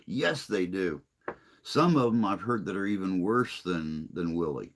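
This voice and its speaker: A man's voice: low voice, lively intonation, unhurried. An older man hosting a casual livestream chat, reading viewer comments aloud in a rambling, self-deprecating way.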